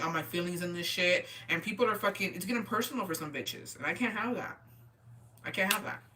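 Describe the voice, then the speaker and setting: Profane bright-voiced woman telling stories. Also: fairly low pitch, recorded from a distance, a little hiss or hum. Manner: profane, animated, reacting to chat. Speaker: streamer reading chat. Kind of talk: casual storytelling chat.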